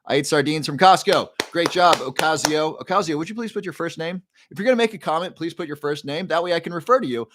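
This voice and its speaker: A man's voice: a little high, quick pace, hardly any pauses, background noise. A man of forty hosting a casual livestream, reading viewer comments aloud and greeting each by name in an upbeat way. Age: 40s. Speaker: livestream host.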